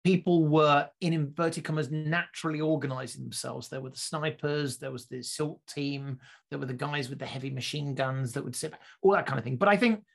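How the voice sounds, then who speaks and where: A man co-hosting a podcast, telling stories in a lively, casual way and often restarting and repeating words as he thinks. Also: fairly high pitch, fairly quick, gravelly, hardly any pauses. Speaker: podcast co-host.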